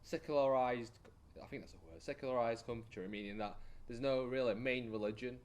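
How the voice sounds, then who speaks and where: A man's voice: medium pitch, steady tone, quick pace. Laid-back Yorkshire man chatting. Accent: West Yorkshire English. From England. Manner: laid-back, rambling, searches for words. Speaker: podcast co-host. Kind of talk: casual chat.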